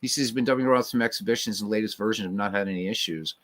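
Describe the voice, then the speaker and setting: An Irish man hosts a casual livestream, rambling through viewer comments with fillers, restarts, and swearing. He talks at a racing speed in a fairly low voice, and the audio has no echo.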